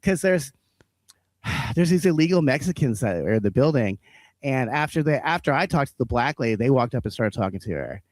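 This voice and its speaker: A man's voice: mid-range voice, lively intonation, brisk, dry recording. A man co-hosting a podcast, ranting in a heated, profane, casual chat. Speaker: podcast co-host.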